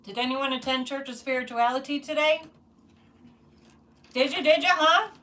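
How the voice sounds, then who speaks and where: Chatty high-voiced woman livestream host. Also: moderate pace, far from the mic. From United States. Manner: animated, chatty, rambling with restarts. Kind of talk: casual livestream chat.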